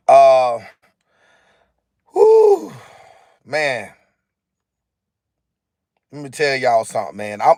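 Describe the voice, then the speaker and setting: A man's voice: a little high, no room sound, clean studio sound. Emphatic man ranting on a live stream. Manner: repetitive, emphatic, talks straight to viewers. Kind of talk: casual live-stream rant. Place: in a car, outdoors in sunlight. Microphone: phone camera.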